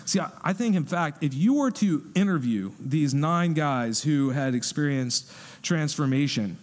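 A man preaching a sermon, with a voice a bit higher than most men's. He speaks conversationally, and he grows animated when he acts out voices. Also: unhurried. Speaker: pastor.

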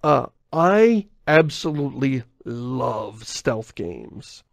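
A podcast host chatting casually in a rambling, self-interrupting way, often laughing and reading listener mail. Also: male voice, mid-range voice, sing-song, very slow, gravelly, dry recording, clean studio sound. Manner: reads listener mail aloud.

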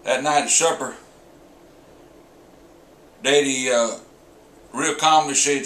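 A man in his seventies with a Southern American accent, telling a homespun humorous story in a slow, drawling way with many pauses. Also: mid-range voice, steady tone, fairly bright tone, reverberant. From Southern United States. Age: 70s.

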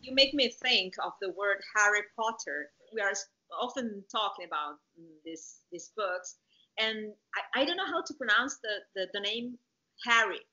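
A woman's voice: medium pitch, expressive, normal speed, sharp tone. A woman from Italy with an Italian accent, chatting casually as a co-host, laughing often and searching for words. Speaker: singing diction teacher, co-host. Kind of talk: casual conversation. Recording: dull lo-fi sound.

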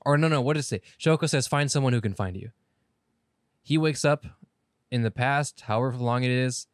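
A podcast co-host with a mid-range voice chats casually and briskly, rambling through the plot of an anime while correcting himself and swearing offhandedly. The studio recording is clean, with no room sound.

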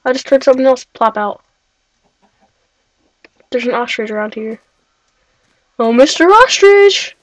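Young female let's-player, higher voice, excitable running commentary to herself. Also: moderate pace, pauses often, no room sound, rough recording. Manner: excitable, talks to herself, shrieks when startled. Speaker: gaming video creator. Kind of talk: Minecraft let's-play commentary.

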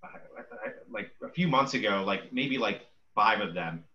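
A man's voice: on the low side, very animated, unhurried. A man hosting an interview, a martial arts teacher himself, talking hesitantly with many fillers. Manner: hesitant, filler-heavy speech. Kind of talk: casual interview chat. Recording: lo-fi dull sound.

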